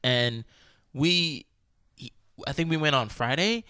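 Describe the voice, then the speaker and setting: A man hosting a podcast, telling a story in casual chat, animated, full of "like" and swearing freely. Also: fairly high pitch, slow, clean tone, no echo. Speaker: podcast host.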